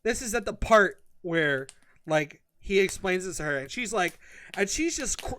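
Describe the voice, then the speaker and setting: A man's voice: high voice, lively intonation, normal speed, pushed and bright, no echo. Man, podcast host, casual comedic review, rambling, exasperated, lots of swearing.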